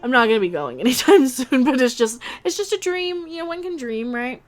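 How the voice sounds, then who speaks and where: A woman hosting a casual livestream, chatting in a rambling, excitable way as she reads out and answers the chat. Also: high-pitched, a little fast. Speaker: livestream host reading chat.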